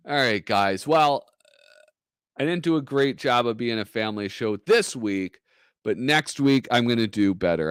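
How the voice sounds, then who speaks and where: Lively, joking man hosting a live stream. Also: fairly low pitch, clean tone, dry recording, clean studio sound. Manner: animated, joking, often laughing. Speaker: host. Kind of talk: live comic-reading stream.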